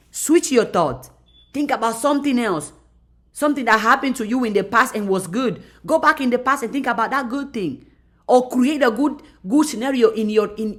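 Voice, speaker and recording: A woman motivational speaker talking on a live stream, driving her points home with emphatic, repeated phrases. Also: on the high side.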